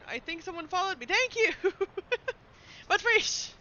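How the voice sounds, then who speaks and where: A woman streamer playing a game, reading the narration aloud and chatting with viewers, giggly and animated. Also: extremely high pitch, a little slow, pauses often, slight background noise, low-quality recording.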